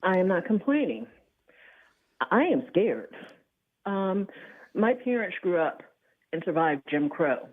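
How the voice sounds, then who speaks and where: A woman from Alabama calling in to a radio show, earnest and halting. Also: fairly low pitch, sing-song. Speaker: caller. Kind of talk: call-in radio. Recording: phone line.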